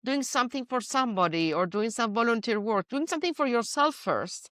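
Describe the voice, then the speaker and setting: A woman from Spain with a Spanish accent, hosting a podcast and telling stories in an animated, playful way. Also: on the high side, fairly quick, no room sound, clean studio sound. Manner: animated storyteller, playful asides. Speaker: podcast host. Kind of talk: casual chat.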